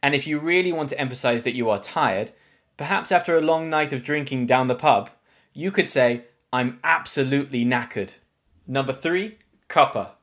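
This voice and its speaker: A man with a British English accent, an English teacher giving a scripted slang lesson with clear explanations and wry asides. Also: mid-range voice, moderate pace, a bit bright. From England.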